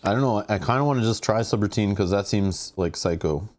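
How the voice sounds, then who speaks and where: A man streaming a live solo board game playthrough, thinking aloud, reading rules and chatting excitably with his viewers. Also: on the low side, quick pace.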